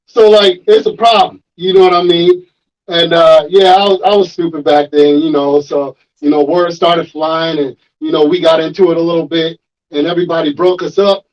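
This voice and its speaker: A man's voice: a little high, moderate pace, poor audio. A man, a rapper guest, telling a story in casual, profane chat and acting out the voices of the people in it. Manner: animated, profane, acts out quoted voices.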